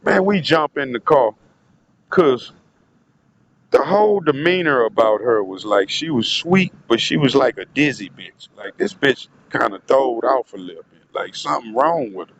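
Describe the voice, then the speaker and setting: A man's voice: medium pitch, lively intonation, normal speed, hardly any pauses, noisy background. A man telling a rambling, profane story in a casual vlog monologue, often turning to speak to his audience. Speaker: vlogger.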